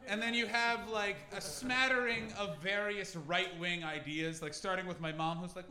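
A Canadian man performing a stand-up comedy set in a club, animated and slipping into mocking character voices. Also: high-pitched, normal speed, few pauses. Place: comedy club with a live audience. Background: audience laughter.

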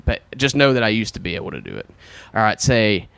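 A man's voice: lowish voice, wildly swooping pitch, fast, creaky, fairly bright tone, clear, resonant tone, no room sound. A man hosting a casual chat podcast, talking in a rambling, profane way. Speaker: podcast host.

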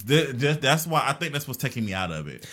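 A man co-hosting a casual podcast, speaking at a medium pitch. He talks in a laid-back, hesitant way, full of fillers and restarts. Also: very animated, fast talker, fairly bright tone, a little hiss or hum. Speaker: podcast co-host. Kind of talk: casual chat.

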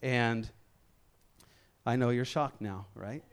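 A man's voice: medium pitch, slow, smooth. A middle-aged man from Memphis, Tennessee, preaching a sermon with no regional accent, in a conversational, self-deprecating way with frequent restarts. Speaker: lay preacher.

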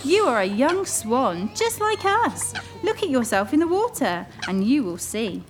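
A woman voicing a graceful, kind flock of swans, speaking slowly and gently in a read-aloud storybook. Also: high voice, sing-song, soft background music. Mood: gentle. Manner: slow, drawn-out and gentle.

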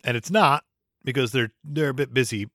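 A man's voice: medium pitch, moderate pace, bright, forceful tone, no room sound, studio quality. A man co-hosting a casual podcast, joking with crude banter and laughing a lot. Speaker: podcast co-host.

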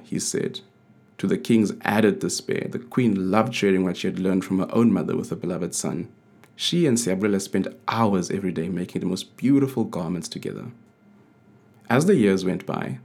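Deep husky male storyteller. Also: expressive, normal speed, darkish tone. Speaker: co-author reading his book. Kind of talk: storybook read-aloud.

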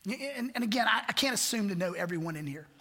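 A man's voice: sits high, lively intonation, fast talker, pushed and bright. A man pastor preaching a sermon, earnest and repetitive, asking rhetorical questions. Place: church sanctuary. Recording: church hall reverb.

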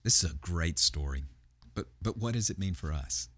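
Low-voiced man preaching a sermon. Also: animated, normal speed, fairly bright tone, husky, no echo. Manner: conversational, with frequent fillers and restarts. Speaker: pastor. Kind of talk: sermon retelling a Bible story.

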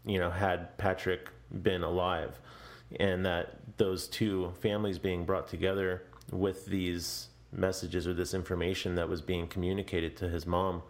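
Male host, deep low voice, measured and reflective in reply. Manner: reflective, summarizing. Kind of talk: interview conversation.

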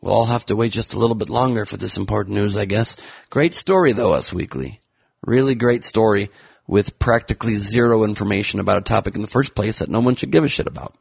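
A fairly low-voiced man hosts a comedy news podcast with a husky, gravelly tone. He rambles sarcastically through the stories and slips into jokey wordplay. The sound is dry and close. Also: dry recording.

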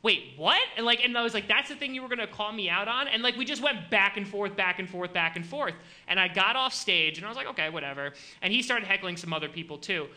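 A man hosting a comedy podcast, telling animated stories in casual chat with many filler likes. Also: high voice, fast talker, hardly any pauses. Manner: animated storytelling, frequent likes.

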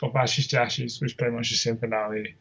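A man's voice: medium pitch, little pitch movement, a little fast, creaky, a bit bright, slightly rough, dull audio. A Scottish man co-hosting a podcast, rambling through his opinions in a casual, self-deprecating way. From Scotland. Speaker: podcast co-host.

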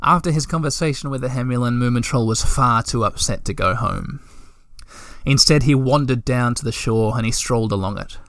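A man's voice: mid-range voice, a little fast, fairly bright tone, dry recording, studio quality. Man reading a storybook aloud. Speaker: narrator.

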